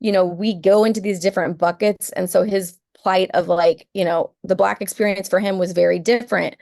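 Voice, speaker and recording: A woman's voice: mid-range voice, fairly even intonation, brisk, creaky, darkish tone, no room sound, clean studio sound. A woman from rural Texas, chatting thoughtfully as a podcast guest and often quoting people. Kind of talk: casual chat.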